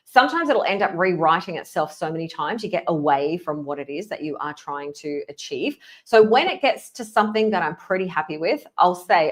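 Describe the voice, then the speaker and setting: Chatty Australian woman, lowish voice. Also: lively intonation, a little fast, few pauses. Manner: chatty, laughs often, mimics exaggerated replies. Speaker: podcast host. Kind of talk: casual solo podcast talk.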